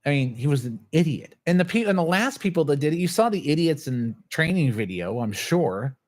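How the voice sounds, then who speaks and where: A channel host on a casual livestream tells a long, worked-up story, cursing and acting out what other people said. His voice is a little high and swings widely in pitch, and he talks fairly quickly.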